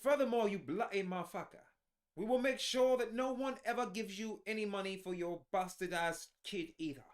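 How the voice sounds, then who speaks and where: A man voicing a pompous, outraged older royal father in a put-on British accent, scolding and profane. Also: high voice.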